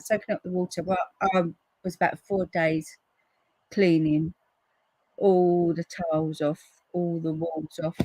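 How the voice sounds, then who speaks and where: A woman hosting a live crafting stream, chatting casually and acting out quotes in a lively way. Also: dry recording, rough recording. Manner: chatty storyteller, acts out quotes with big pitch jumps. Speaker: crafting livestream host. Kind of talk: casual chat to live viewers.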